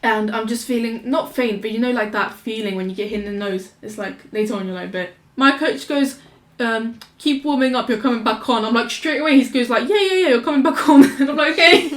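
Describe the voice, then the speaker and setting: A woman's voice: medium pitch, a bit bright. A young woman, telling stories in a casual podcast chat, rambling, restarting and laughing often. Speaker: podcast co-host. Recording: roomy echo.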